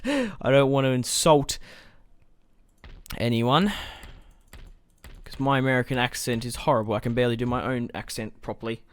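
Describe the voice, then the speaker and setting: A young man talks through a game he is playing, thinking aloud in a relaxed, rambling way and dropping the odd swear word. His voice is smooth and clear, at an ordinary middle pitch. It is recorded close and dry, with no room sound. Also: no room sound. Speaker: gaming let's-play host. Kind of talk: casual gameplay commentary.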